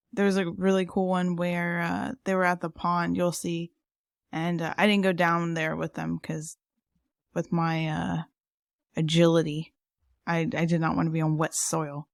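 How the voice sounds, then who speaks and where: A woman's voice: on the low side, flat delivery, unhurried, creaky, dry recording, clean studio sound. A woman co-hosting a podcast in casual chat, talkative, with lots of fillers and laughter. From lived in San Antonio, Texas. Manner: chatty, laughs often, many fillers. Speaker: podcast co-host.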